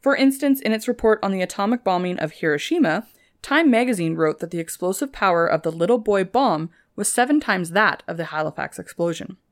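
A woman's voice: medium pitch, lively intonation, fairly quick. A young woman co-hosting a casual history podcast, talking eagerly about the details she researched. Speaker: podcast co-host.

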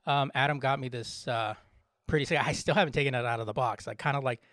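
A man co-hosting a podcast in casual chat, relaxed, laughing often and swearing freely. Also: medium pitch, quick pace, dry recording, studio quality. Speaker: podcast co-host.

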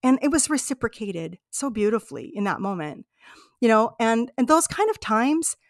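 An American woman hosts a podcast, sharing personal travel stories in an earnest, heartfelt, reflective monologue. Her voice sits a little high and sounds animated, moving at a moderate pace. The studio-quality recording has no echo.

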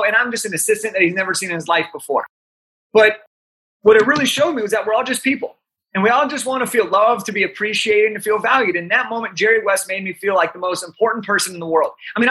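Young man, high voice, bright tone, animated storyteller, podcast guest. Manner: animated storyteller, frequent "right?" asides.

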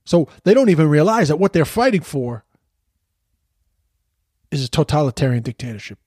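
A man's voice: fairly high pitch, very animated, normal speed, a little mellow, breathy edge, dry recording, studio quality. A man giving heated, profane political commentary in a casual rant, often stumbling and repeating words.

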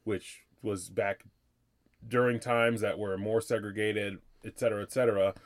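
A man in his thirties, co-hosting a casual podcast and giving his opinions in an animated, rambling way. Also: fairly low pitch, moderate pace. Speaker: podcast co-host. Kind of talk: casual chat.

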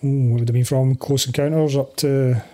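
A Scottish man in his forties talks through a film as a podcast host. He is relaxed and chatty, with a middling voice and plenty of fillers. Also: mid-range voice, brisk. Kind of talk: casual film commentary chat.

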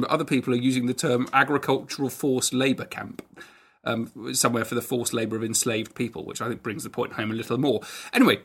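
A man's voice: mid-range voice, a bit bright. A man co-hosting a casual chat, explaining with enthusiasm and some restarts. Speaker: podcast co-host.

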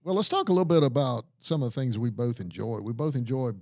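A man's voice: mid-range voice, quick pace. A man from Louisiana with a Southern accent, hosting a casual podcast and telling stories animatedly, acting out the other people in them. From Louisiana, USA. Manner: animated storyteller who acts out other people's lines. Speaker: podcast host.

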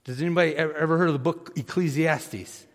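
A man's voice: on the high side, fast talker. A man, a pastor, preaching a conversational sermon and asking his congregation questions. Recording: long reverb of a large hall.

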